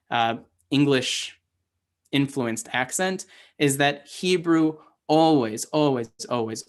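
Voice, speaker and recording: Man, mid-pitched voice, online class teacher, casual, halting, checks in with "right?". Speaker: Hebrew teacher. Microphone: livestream.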